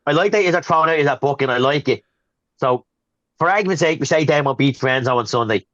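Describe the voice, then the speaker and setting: A man co-hosting a casual wrestling podcast, telling stories in a rapid rush. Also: medium pitch, fairly bright tone, no echo, dull audio. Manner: rapid storyteller, acts out quotes. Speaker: podcast co-host. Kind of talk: casual chat.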